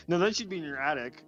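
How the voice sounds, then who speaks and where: A man's voice: a little high, fairly bright tone, highs cut off. A man in casual joking podcast chat, teasing and laughing often.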